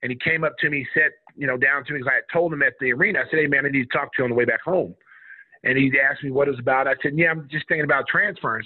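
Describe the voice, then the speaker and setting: A middle-aged former college basketball player tells a story casually on a radio show, animatedly acting out other people's quotes. His voice is medium-pitched, and the audio is tinny and phone-like.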